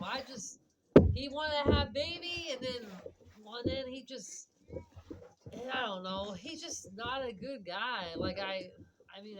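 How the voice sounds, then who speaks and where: Rambling single-mom woman venting, noisy. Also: on the high side. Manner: rambling, venting, many fillers and restarts. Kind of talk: casual storytime vlog. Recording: loud background noise.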